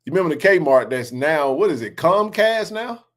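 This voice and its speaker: With a fairly high voice at a moderate pace, a man in his forties shares neighborhood stories on his sports podcast. The chat is casual, and he tells it with lively laughter and slang.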